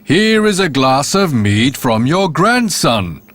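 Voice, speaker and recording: Guy putting on a fiery innkeeper, loud, fretful, voice jumps up high and swings around. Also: sing-song, takes it slowly, no room sound, heavily acted. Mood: bawling. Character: hot-tempered rich male innkeeper.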